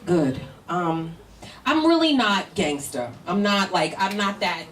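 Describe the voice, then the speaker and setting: A woman's voice: on the low side, expressive, slow pace. A woman from Northern Virginia doing stand-up comedy, teasing audience members in a brash, laughing way. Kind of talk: stand-up crowd work. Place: comedy show in a tent with a live audience. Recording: roomy live sound from a distant mic, crowd noise.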